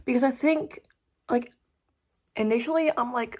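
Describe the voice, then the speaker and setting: A young woman vlogging in a rambling, casual way, full of fillers and swearing, swinging between loud outbursts and mumbled asides. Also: medium pitch, normal speed, gravelly. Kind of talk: casual chat to camera.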